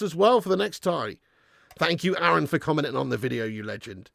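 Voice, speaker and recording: A man hosting a live football watch-along, commentating excitedly and chatting casually with viewers in the comments. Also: on the high side, fairly quick, gravelly, no echo, studio quality. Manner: excitable, jumps up at big moments. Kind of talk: live match commentary reading chat.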